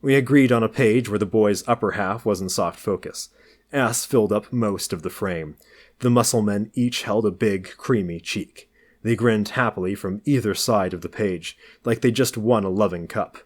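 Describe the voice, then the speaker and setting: Calm, low-voiced male audiobook reader. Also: moderate pace. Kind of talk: novel reading.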